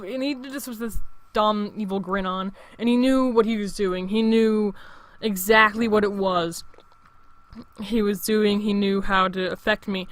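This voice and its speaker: A man's voice: high-pitched, fairly bright tone. A young man in his late teens, hosting his own show in a rambling, profane casual monologue full of restarts. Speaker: show host.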